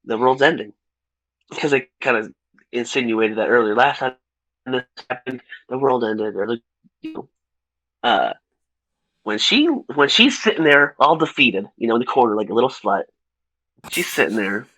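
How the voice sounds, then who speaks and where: A young man talking in a casual film review chat, ranting with plenty of swearing and laughter. His voice jumps around a lot in pitch, and the close microphone sounds dry. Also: normal speed, pauses often, dry recording, rough recording. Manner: profane, ranting, laughing, animated retellings. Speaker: podcast co-host.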